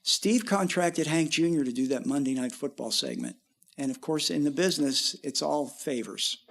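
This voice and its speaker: A man's voice: a little high, moderate pace, vocal fry. A middle-aged man, a musician guest, telling long rambling stories in a casual interview. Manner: rambling, animated when quoting others.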